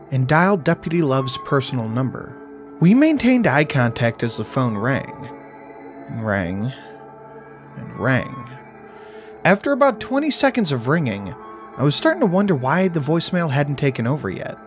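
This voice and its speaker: A man narrates a first-person horror story in a dry, wry manner. His voice sits fairly high, and his intonation rises and falls a lot. Faint music plays under him. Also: very animated, normal speed.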